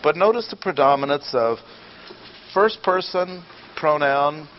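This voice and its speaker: A man teaching a Bible lesson in a deliberate, explanatory way, repeating his key points, on a dull lo-fi recording. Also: fairly high pitch, expressive, a little hiss or hum.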